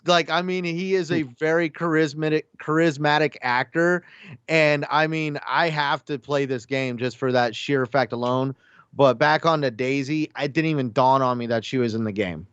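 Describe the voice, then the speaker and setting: A man chatting excitedly on a gaming podcast, rambling with lots of fillers. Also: a little high, smooth, dry recording, lo-fi sound. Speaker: podcast panelist. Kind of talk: casual chat.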